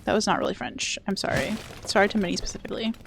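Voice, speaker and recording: A young woman streams a game and chats playfully with her viewers, reading and answering their messages. Her mid-range voice is expressive and very fast, with vocal fry, and there's slight background noise.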